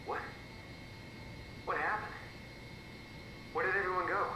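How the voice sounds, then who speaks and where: A man's voice: sits high, fairly even intonation, unhurried, background noise. An actor playing a frightened man trapped in a simulation, pleading and repeating himself, heard as game audio. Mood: panicked. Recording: roomy, distant game audio with ambience.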